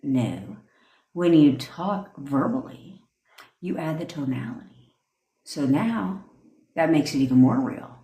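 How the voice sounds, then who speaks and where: A woman with a somewhat low voice rants bluntly at her livestream audience, swearing freely as she lectures. The sound is roomy, with noticeable echo around her. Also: expressive, slow, pauses often, warm tone. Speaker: manifestation coach. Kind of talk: livestream rant.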